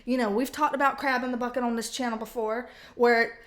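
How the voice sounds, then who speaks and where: A woman's voice: on the high side, steady tone, fairly quick, fairly bright tone. A woman giving a casual tarot reading at home, talking bluntly with slang and plenty of swearing. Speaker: tarot reader. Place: home with a cat.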